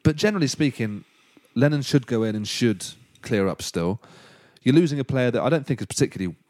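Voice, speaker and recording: A man's voice: medium pitch, a little fast. Man pressing questions in football chat. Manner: questioning, lively, pushes his points. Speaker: podcast co-host.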